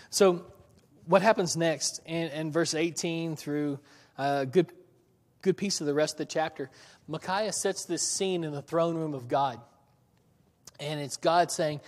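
A man delivers a sermon in a casual, conversational way, asking his listeners questions and chuckling as he goes. His voice sits a little high for a man, and he slows down to act out the lines of the biblical characters. The sound rings with a long reverb, as in a large hall. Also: fairly even intonation. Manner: conversational, asks the audience questions, chuckles often. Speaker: preacher. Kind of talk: sermon with scripture reading.

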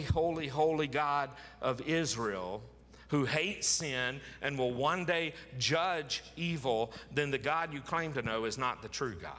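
A pastor preaching an emphatic sermon, repeating key words for stress. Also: male voice, on the high side, bright, forceful tone, big-room sound.

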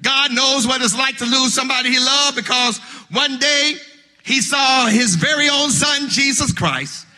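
A high, piercingly bright male pastor preaches a funeral sermon in a church sanctuary. His rhythmic delivery swells into shouted, half-sung cadences, and he repeats words as he starts his phrases. His voice rings with long hall reverb. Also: unhurried.

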